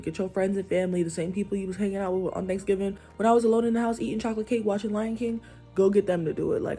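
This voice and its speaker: A woman's voice: fairly low pitch, mellow, husky. A woman ranting in a vlog, blunt and exasperated, swearing freely. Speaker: vlogger.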